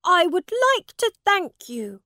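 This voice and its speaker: A woman voicing a young boy king who is proud and earnest, speaking in a high, commanding voice. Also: big pitch swings, takes it slowly, pushed and bright, no room sound, studio quality, full character voice.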